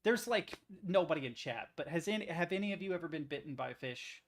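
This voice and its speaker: A young man with a higher, expressive voice talks fast while streaming, casually reacting to articles. He swears freely, rambles through stories, and is easily amused.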